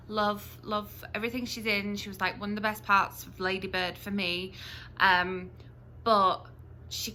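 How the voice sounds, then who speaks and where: A woman from the UK with a bright, crisp voice, talking casually to her viewers as a book vlogger. She rambles in a friendly way, full of ums and little restarts. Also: medium pitch, slight background noise. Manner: chatty, many ums and restarts. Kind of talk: casual chatty review to camera.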